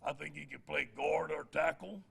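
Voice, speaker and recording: A middle-aged man with a heavily gravelly, raspy voice. He speaks with a bright, forceful edge as a head coach at a press conference. His delivery is folksy, and he laughs at his own jokes. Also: a little high, normal speed.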